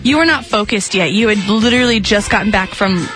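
A woman's voice: medium pitch, brisk. A woman co-hosting a morning radio show, teasing her partner and laughing in casual banter. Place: radio studio. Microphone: studio microphone. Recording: music bed underneath.

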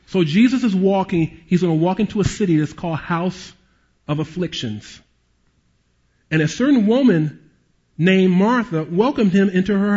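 This sermon comes from a man who serves as a pastor and police chaplain, his high voice carrying a breathy edge. He tells stories with animation and softens to hushed tones when things turn emotional. The highs are cut off.

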